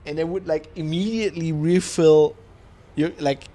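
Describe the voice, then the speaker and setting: A man's voice: on the high side, steady tone, normal speed, mellow. A man chatting casually on a live stream, tipsy and rambling, laughing often and swearing. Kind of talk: casual chat.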